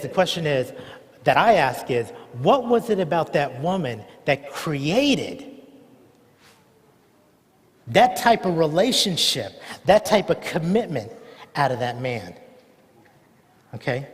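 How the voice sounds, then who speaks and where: A man's voice: fairly high pitch, long reverb tail. A male pastor preaching a sermon in a conversational, storytelling way, often asking the congregation questions.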